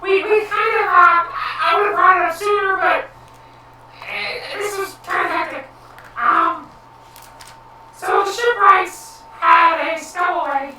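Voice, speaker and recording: A woman at a tabletop game speaks haltingly in a very high, bright voice, full of stops and fillers. She is far from the mic in a very echoey room with faint background noise. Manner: hesitant, halting with many fillers. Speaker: player. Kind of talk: casual tabletop game chat.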